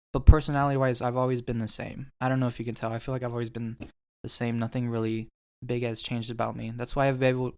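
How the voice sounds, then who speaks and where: A young man hosting a casual podcast, low-key and reflective, speaking in short phrases. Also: clean tone. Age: young adult. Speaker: podcast host.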